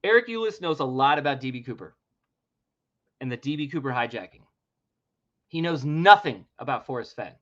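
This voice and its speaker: A man's voice: medium pitch, expressive, moderate pace, pauses often, fairly bright tone, dull audio. A man hosting a podcast, ranting emphatically and swearing freely. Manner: heated, emphatic, swears freely, laughs in disbelief. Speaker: podcast host. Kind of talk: opinionated podcast rant.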